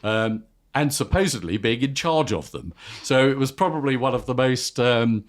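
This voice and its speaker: A man's voice: medium pitch, lively intonation, normal speed. A middle-aged man, a company chief executive telling anecdotes as a podcast guest, a self-confessed talker. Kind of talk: casual storytelling interview.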